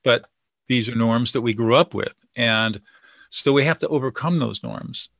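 A man with a bright, forceful voice lays out his methods in a confident, teaching manner. The sound is dry and close, with no room around it. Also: mid-range voice, normal speed, gravelly, no room sound. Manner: confident, teaching, acts out sample dialogue. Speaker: guest expert on listening and de-escalation. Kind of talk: explanatory interview talk.

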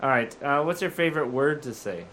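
A man co-hosting a podcast, asking the questions and teasing with quick loud exclamations. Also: mid-range voice, expressive, slight background noise. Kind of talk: casual chat.

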